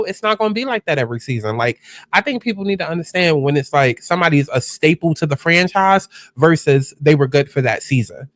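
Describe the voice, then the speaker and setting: A man's voice: on the high side, a bit bright, no room sound, clean studio sound. A man hosting a casual reaction commentary, chatty and exclamatory as he talks straight to his viewers. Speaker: host.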